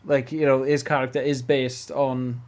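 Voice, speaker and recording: A man in casual podcast chat, animated and full of restarts and asides. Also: mid-range voice, normal speed. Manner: animated, swearing, trailing restarts.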